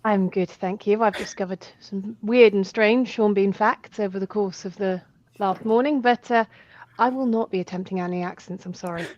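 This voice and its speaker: A woman's voice: mid-range voice, fairly even intonation, normal speed, a little mellow, no echo, dull audio. A woman joining a live game stream as a guest player, chatting in a light, self-deprecating way. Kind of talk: casual chat on a live stream.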